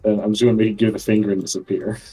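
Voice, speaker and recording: Husky, low-voiced man playing a game. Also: level tone, very fast, mellow, faint music behind, low-quality recording. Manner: laid-back, asks rule questions. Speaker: player. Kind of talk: casual tabletop play.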